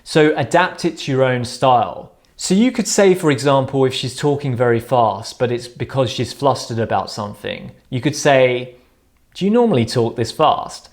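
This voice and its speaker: Male dating coach, mid-pitched, dry deadpan delivery, scripted advice to camera. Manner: dry, measured delivery with deadpan example lines.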